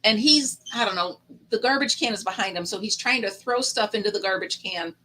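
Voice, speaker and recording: Bright, chatty middle-aged woman. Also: medium pitch, a little fast, rough recording. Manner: chatty storytelling, laughs often. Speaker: host of a live chat stream. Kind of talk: casual chat.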